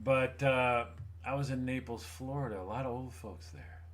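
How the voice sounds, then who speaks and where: A man's voice: mid-range voice, moderate pace. A middle-aged man casually telling a workplace story, acting out the voices of the people in it. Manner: animated, acts out voices in his story. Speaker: guest storyteller.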